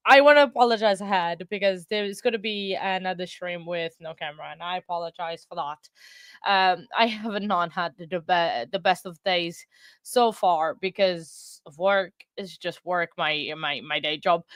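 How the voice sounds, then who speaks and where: A woman's voice: on the low side, fairly bright tone, clean tone, no room sound. A woman hosting a casual livestream from home, chatting loosely with viewers and laughing often between rambling sentences. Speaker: livestream host.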